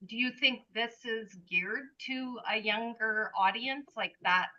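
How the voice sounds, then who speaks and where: Bright-voiced woman hosting a video call. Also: on the high side, unhurried, muffled recording. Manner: polite, appreciative, hesitant questioning. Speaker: discussion host asking questions. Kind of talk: casual group discussion.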